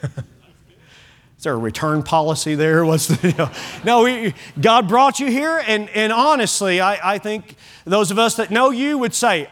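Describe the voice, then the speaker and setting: A middle-aged man gives an evening sermon from a church pulpit. His voice sits fairly high for a man. He talks in a folksy way, often repeating a word or restarting a phrase before carrying on. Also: fairly bright tone. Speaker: pastor. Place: church sanctuary.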